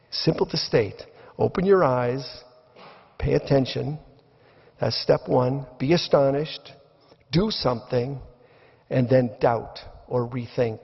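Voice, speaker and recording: A man's voice: medium pitch, creaky, breathy edge. An older man giving reflective opening remarks in a debate, storytelling as he goes. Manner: reflective, storytelling delivery with acted quotes. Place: lecture hall. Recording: dull lo-fi recording in a reverberant hall.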